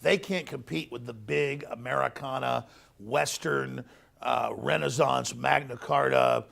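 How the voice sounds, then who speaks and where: Male studio host, gravelly voice, emphatic and punchy delivery. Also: mid-range voice, fairly even intonation, measured pace. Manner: emphatic, punchy delivery, rising to near-shouts. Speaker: show host. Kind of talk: studio interview conversation. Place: broadcast studio.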